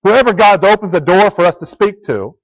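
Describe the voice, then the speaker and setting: A man's voice: high voice, expressive, brisk. A man preaching a sermon to a congregation, earnest and plain, repeating key phrases as he teaches. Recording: dull lo-fi recording.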